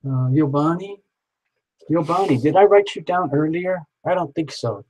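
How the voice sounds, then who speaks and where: A man hosting a live tarot reading stream, talking in a chatty, excitable way and joking with his viewers. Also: fairly high pitch, moderate pace, rough recording. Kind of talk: casual live-stream chat.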